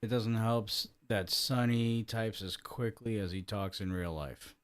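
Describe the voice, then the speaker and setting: A man's voice: lowish voice, steady tone, measured pace, smooth. A man hosting a wrestling review live stream, teasing his co-hosts and announcing segments. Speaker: wrestling show host. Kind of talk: casual live-stream banter.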